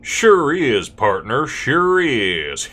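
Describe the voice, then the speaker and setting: A man's voice: medium pitch, big pitch swings, extremely slow, pushed and bright, full character voice. A man doing a drawling Old West cowboy. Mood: boastful. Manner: drawling, slangy.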